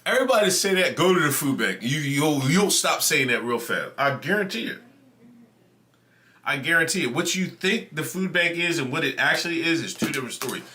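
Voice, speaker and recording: Fairly quick and expressive, this livestream host's voice sits on the high side and sounds bright and forceful. He's casually recounting a story to his chat, swearing along the way.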